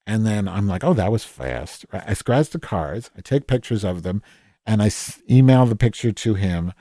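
A cranky, foul-mouthed Madge, voiced by a man, rambles through an improvised comedic monologue, forever calling herself an idiot and restarting her sentences. The voice sits low and mellow, heard dry and close with no room sound around it. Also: expressive, normal speed, no room sound. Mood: rambling. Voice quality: rambling, swearing, self-deprecating, many restarts. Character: cranky self-mocking office worker Madge, foul-mouthed. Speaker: podcast host in character.

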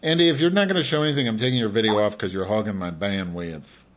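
A man's voice: fairly low pitch, fast talker. Bossy teasing male talk host. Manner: bossy, teasing, pushing guests to perform. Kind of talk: comedic call-in talk show.

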